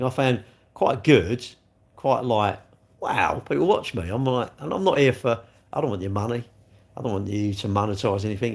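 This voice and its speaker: A man's voice: lowish voice, vocal fry. A man chatting casually on a livestream from his sofa at home, reading the chat and joking in a cheeky, rambling way.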